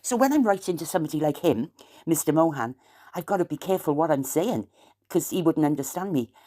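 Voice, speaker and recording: A woman from South Wales, speaking with a South Welsh accent, rambles to camera late at night as a vlogger, wandering between topics and slipping in aggrieved asides. Her voice sits low with a dark tone, lively intonation and a brisk pace.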